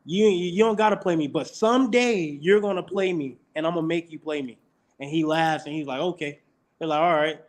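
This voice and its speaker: A man's voice: on the high side, brisk. A young man, a college football player, telling stories in a casual podcast interview and acting out the quotes. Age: young adult. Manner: animated storyteller who acts out quotes.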